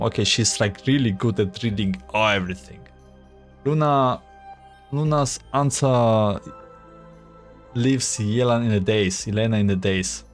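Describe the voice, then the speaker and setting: A man's voice: fairly low pitch, a little slow, pauses often, faint music behind. A man casually narrating a game story, with offhand comments and self-corrections.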